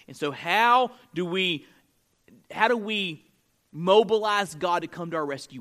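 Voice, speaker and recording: A man's voice: high-pitched, lively intonation, measured pace, fairly bright tone. A male pastor preaching a sermon to a live congregation. He speaks emphatically and conversationally, often checking in with "right?". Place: church room with a live congregation.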